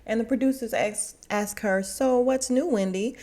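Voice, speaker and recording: A woman's voice: on the high side, moderate pace, dark tone. A young adult woman hosting her own podcast, chatting casually and laughing as she acts out quotes in big voices. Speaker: podcast host recapping a reality show. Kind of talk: casual chat.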